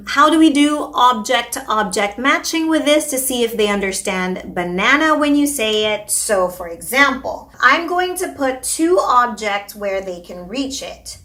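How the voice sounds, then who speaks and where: A woman's voice: a little high, pushed and bright. A woman, a speech therapist, explaining a language activity to parents and modeling words in an exaggerated sing-song way. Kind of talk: instructional video for parents.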